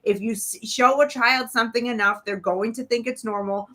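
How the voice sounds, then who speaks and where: A woman's voice: a little high, steady tone, moderate pace, a bit bright. A woman guest on a political panel, speaking with angry indignation. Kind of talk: heated political commentary.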